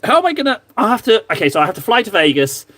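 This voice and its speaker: A chatty English host talks with his viewers while he paints at his hobby desk. His voice sits a little high, and the sound is close and dry. He is rambling and self-deprecating, with a loose, joking manner. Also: very animated, very fast, fairly bright tone, no room sound. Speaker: livestream host painting miniatures. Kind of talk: casual livestream chat.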